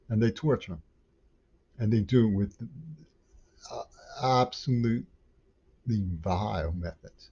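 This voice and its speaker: A man with a low, dark voice rants angrily in a long monologue, stumbling and restarting his sentences. The recording is dull and lo-fi. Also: a little slow, pauses often, slightly rough. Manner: angry, rambling, stumbling restarts. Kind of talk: ranting monologue. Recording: dull lo-fi audio.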